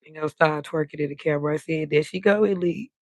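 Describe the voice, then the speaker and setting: Hosting a casual late-night livestream, a woman with a deep voice talks quickly and freely, greeting viewers by name and stretching out her words. The recording has no echo.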